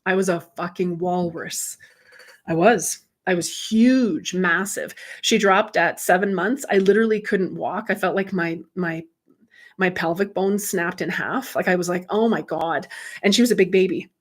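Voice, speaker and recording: A woman's voice: fairly low pitch, moderate pace. A middle-aged woman hosts a casual livestream as a medium and life coach. She talks in a chatty, candid way, tells personal stories and reads viewer comments aloud into a computer mic.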